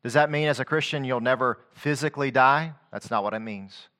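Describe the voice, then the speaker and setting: A man preaching a sermon, quoting scripture in a rhythmic cadence and swinging from quiet low passages to loud, rising declamation. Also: a little fast.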